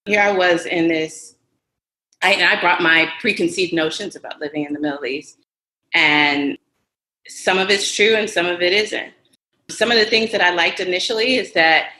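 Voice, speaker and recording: Bright-voiced animated woman in an echoey room. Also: medium pitch. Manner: animated, acts out quoted voices. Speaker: podcast guest. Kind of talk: casual storytelling. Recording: roomy echo.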